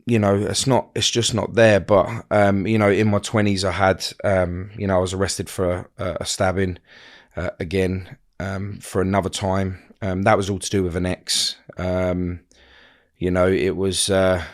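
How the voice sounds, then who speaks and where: Halting, low-voiced man. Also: little pitch movement. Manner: rambling, halting, many fillers and restarts. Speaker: interview guest. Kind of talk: casual storytelling interview.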